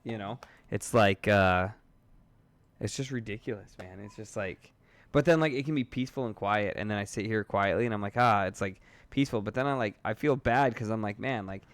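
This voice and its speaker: Podcast co-host, man, lower register, smooth voice, dry close sound, rambling and laughing. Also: fairly quick, no room sound. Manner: rambling, laughing, full of fillers. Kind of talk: casual chat.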